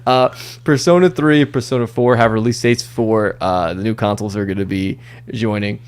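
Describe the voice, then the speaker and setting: A man with a fairly low voice hosts a gaming podcast. He chats in an upbeat way, speeding up in bursts and dropping filler words as he goes. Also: normal speed, smooth. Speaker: podcast host. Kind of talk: casual chat.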